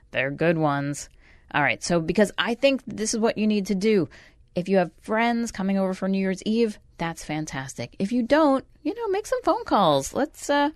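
Radio host, woman, wry and chatty, lowish voice, dry studio sound. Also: dry recording. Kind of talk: casual radio chat and recipe tips.

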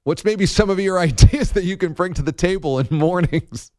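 A man's voice: sits high, moderate pace, darkish tone, dry recording. A man hosting a sports talk radio show, chatty and laughing often, on a studio microphone.

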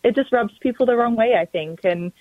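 A woman with a British accent, a guest in a radio interview, relaxed and agreeable, often saying like. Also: fairly high pitch, brisk, dry recording. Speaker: guest, company executive. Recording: tinny phone line.

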